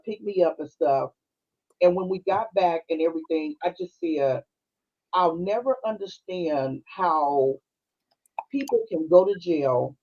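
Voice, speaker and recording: A middle-aged woman from Kansas City speaks with a husky, breathy edge. She tells a personal story in a loose, heartfelt way to her co-hosts. The live-stream audio sounds dull and lo-fi. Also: on the low side. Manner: conversational, heartfelt, full of "you know" and "like". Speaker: podcast co-host.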